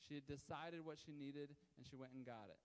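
A high-voiced male pastor preaches to his congregation in a loose, conversational way, tossing asides to the room. His tone is smooth and resonant. The sound carries a long reverb from the church hall. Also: fairly quick, darkish tone. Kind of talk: sermon. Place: church hall, live service.

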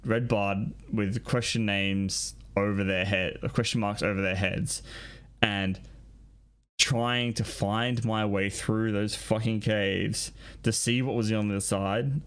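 A young man talks through listener questions on his own podcast, rambling loosely and swearing freely. His voice sits low with a gravelly rasp running through it. He laughs at himself as he goes. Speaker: podcast host.

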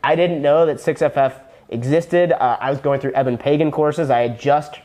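A man's voice: on the high side, fairly even intonation, normal speed, mellow. A young man, a former personal trainer who became a copywriter, talking casually as a podcast guest, earnest and rambling with many restarts.

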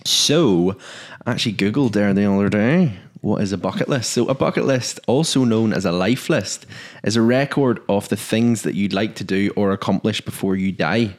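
Chatty man hosting a podcast. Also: on the low side. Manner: lively, joking, quick asides. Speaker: podcast host. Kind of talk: casual chat.

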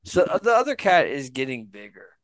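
A man's voice: on the high side, wildly swooping pitch, brisk, no echo. A young man from the United States chatting casually on a podcast, rambling and swearing freely. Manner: profane, rambling, laid-back. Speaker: podcast co-host.

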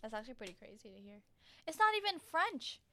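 A woman's voice: on the high side, big pitch swings, quick pace, sharp tone. Young Filipino woman, laughing co-host. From Philippines. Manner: laughs often, teasing. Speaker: podcast co-host. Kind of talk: casual chat.

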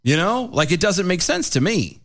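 A man's voice: high-pitched, sing-song, moderate pace, fairly bright tone. A man co-hosting a casual talk show, laughing often and sharing strong opinions. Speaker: podcast co-host. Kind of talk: casual chat.

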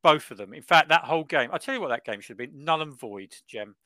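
Man, mid-high voice, lively pitch, ranting football talk. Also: fast, no room sound. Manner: animated, exaggerated ranting. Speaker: podcast co-host. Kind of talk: casual football chat.

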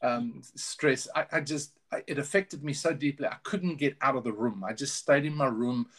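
The guest, a middle-aged man, tells his story frankly in a casual interview, often stopping to start a sentence over with earnest sincerity. His voice is medium-pitched and a little bright, at a normal speed.

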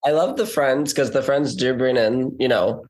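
A man's voice: medium pitch, moderate pace, darkish tone. A man hosting a casual interview, asking questions in a loose, rambling way full of fillers. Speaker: interviewer, host.

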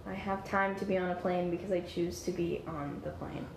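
A woman voicing an aloof male god of time who gives calm, curt answers. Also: lowish voice, moderate pace, a little hiss or hum, natural voice. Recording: roomy echo.

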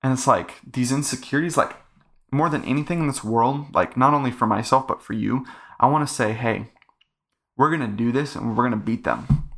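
A man's voice: mid-range voice, a little fast, fairly bright tone. A young man hosting a casual faith podcast, talking earnestly in a rambling way full of fillers. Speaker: podcast host.

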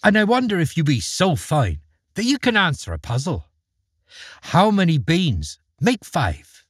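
A man's voice: a little high, wildly swooping pitch, measured pace, husky, no room sound, studio quality, pitched above the performer's own voice, heavily acted. A man voicing a sly old man who coaxes a boy into a trade with old-fashioned country talk in a storybook reading. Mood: coaxing. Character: sly, wheedling old man peddling beans.

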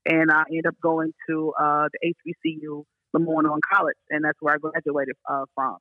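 A young woman from Memphis, a counselor telling her story in casual, animated talk. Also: deep voice, no echo. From Memphis, USA. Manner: animated, laughs often, fast bursts. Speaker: guest, counselor and therapist. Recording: dull lo-fi sound.

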